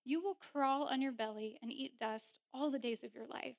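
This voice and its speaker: A young woman preaching a sermon, animated and laughing often as she acts out voices in quotes. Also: high voice, normal speed, no room sound, clean studio sound.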